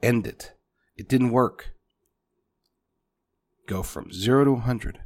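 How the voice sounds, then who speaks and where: A man's voice: mid-range voice, takes it slowly, a little mellow. A man delivering a punchy political commentary monologue, speaking directly to his listeners as folks.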